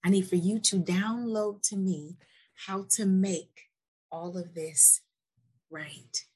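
A woman's voice: mid-range voice, steady tone, slow, darkish tone, slightly rough. A woman hosting a casual podcast interview, affirming her guest and repeating her praise. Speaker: podcast host.

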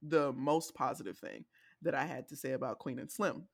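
Southern lady podcast host, laughy and animated, dry close mic. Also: extremely low pitch, moderate pace, gravelly, husky, no room sound. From American South. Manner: laughing often, animated storytelling. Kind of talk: casual chat.

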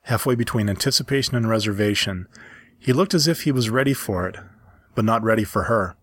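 A man reading a story aloud in a calm, measured way. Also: on the low side, slightly rough, dry recording, studio quality. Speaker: story reader.

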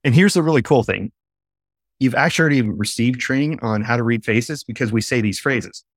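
Animated man explaining on a video call. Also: medium pitch, brisk, dry recording, clean studio sound. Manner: animated storyteller, eager and explanatory. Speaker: podcast guest, face-reading trainer. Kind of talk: casual interview chat. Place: home office with a bookshelf.

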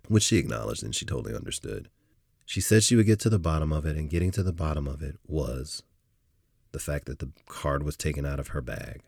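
A middle-aged man hosting a podcast, telling a personal story in an animated, emphatic way that swells as he goes. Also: rumbling low, a little fast, vocal fry, no room sound, clean studio sound. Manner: animated, emphatic retelling with rising intensity. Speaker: podcast host.

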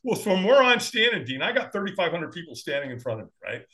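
Male American podcast guest, firewalk instructor; bright, fairly high voice, animated storyteller who acts out quotes. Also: fast talker. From United States. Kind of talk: storytelling in a conversation.

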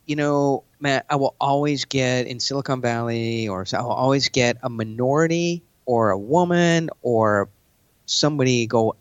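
A man in casual conversation, telling brash stories about business meetings and acting out pitches. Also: normal speed, smooth, no echo, dull audio. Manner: brash, animated, acts out sales pitches. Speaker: business speaker, podcast guest. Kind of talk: casual chat.

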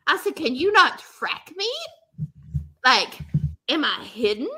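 A woman's voice: high voice, slow pace, breathy edge. A woman, telling a story in casual chat and acting out both sides of the dialogue. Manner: animated, laughing, acts out both sides of dialogue.

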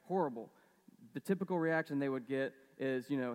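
A man's voice: medium pitch, brisk, big-room sound. A man preaching a casual sermon, conversational and storytelling, with lots of fillers. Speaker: pastor.

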